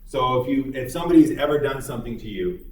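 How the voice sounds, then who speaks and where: A man's voice: mid-range voice, animated, fast talker, a little mellow. A man lecturing a psychology class in a conversational, explanatory way with occasional fillers. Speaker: psychology instructor. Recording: echoey room, mic far off.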